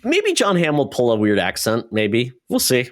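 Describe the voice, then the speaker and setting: Male podcast co-host, casual chat, relaxed and joking, mid-pitched voice. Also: normal speed.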